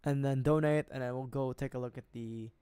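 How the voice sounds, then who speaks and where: A man's voice: mid-range voice, fairly even intonation, fairly quick, mellow. A man chatting casually through a gaming livestream, rambling and correcting himself, often chuckling. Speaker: streamer. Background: game music.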